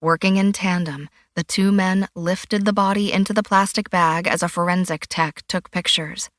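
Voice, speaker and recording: A woman reading a suspense audiobook in an even, measured storytelling voice. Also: fairly low pitch, no echo, studio quality. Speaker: audiobook narrator. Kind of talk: scripted thriller narration.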